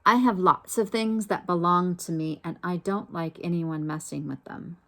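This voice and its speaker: A woman reading a children's picture book aloud in a gentle, unhurried way, pausing to ask her listeners questions. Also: lowish voice. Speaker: storybook reader.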